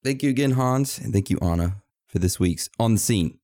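A man's voice: on the low side, expressive, fairly quick, mellow, dry recording, clean studio sound. A man co-hosting a casual podcast, laid-back and jokey as he introduces listener voicemails. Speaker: podcast co-host.

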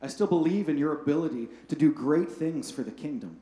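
Pastor voicing a gentle, reassuring Jesus. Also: male voice, fairly high pitch, lively intonation, a little fast, reverberant, pitched below the performer's own voice, natural voice. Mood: earnest.

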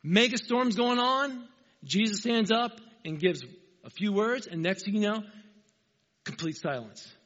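A man preaching a sermon, telling the story with animated, emphatic asides. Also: high voice, a little slow. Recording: reverberant hall, dull lo-fi sound.

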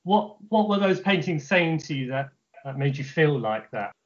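A man's voice: a little high, lively intonation, normal speed, highs cut off. A man interviewing an artist, asking questions and giving short affirmations. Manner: affirming, many short acknowledgements.

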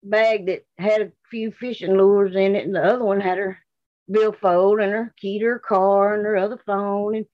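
A woman's voice: mid-range voice, level tone, moderate pace, no echo, highs cut off. A woman with a Southern US accent from Mississippi, bluntly and indignantly recounting her daughter's disappearance in an interview, repeating herself. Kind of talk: emotional interview testimony.

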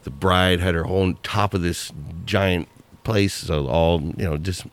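A man co-hosting a podcast, casually telling a story with lively quoted asides. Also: sits low, a little slow, clear, resonant tone. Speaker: podcast co-host.

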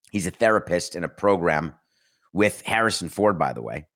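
A man's voice: low-pitched, fairly bright tone. A man hosting his own podcast, talking emphatically in a solo monologue, full of sarcasm and rhetorical questions. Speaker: podcast host.

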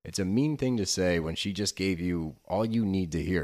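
A man with a very deep voice co-hosts a podcast. He talks casually, swears freely and laughs easily, then gets worked up when something bothers him. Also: lively intonation, normal speed, few pauses, a little mellow. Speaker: podcast co-host. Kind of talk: casual chat recapping a reality show.

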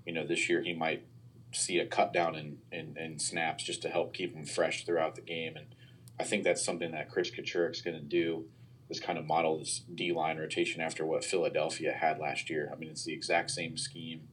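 Very deep, husky-voiced male analyst. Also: little pitch movement, moderate pace, fairly bright tone. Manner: hesitant, many fillers and restarts. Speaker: podcast co-host analyst. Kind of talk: casual sports podcast chat.

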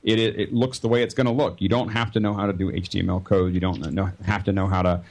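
A man with a low, gravelly voice reads a podcast sponsor spot. He talks loosely and rambles, with plenty of fillers and restarts. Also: level tone, fast talker, darkish tone. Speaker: regular podcast panelist. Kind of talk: casual podcast chat and sponsor read.

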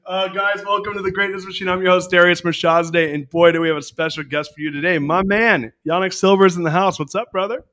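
A man's voice: high voice, fairly even intonation, quick pace, few pauses, fairly bright tone, no room sound, soft background music. A man in his forties hosting a podcast interview, enthusiastic and chatty. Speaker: podcast host.

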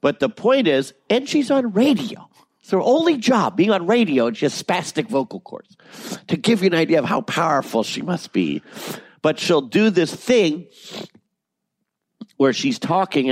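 A man's voice: fairly high pitch, sing-song, normal speed, no room sound. A man, a voice actor, chatting loosely in an interview, rambling and joking with frequent restarts. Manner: rambling, jokey, many restarts. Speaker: voice actor guest. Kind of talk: casual interview chat.

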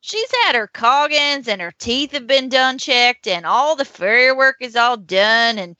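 Folksy Southern woman played by a woman: drawling, chatty, bright-voiced. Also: on the high side, unhurried, no room sound, muffled recording.

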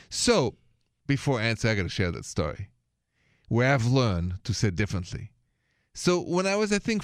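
A man's voice: medium pitch, no room sound, studio quality. A middle-aged man with a thick Parisian French accent, hosting a radio advice show in a chatty, playful way and slipping in French words. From France.

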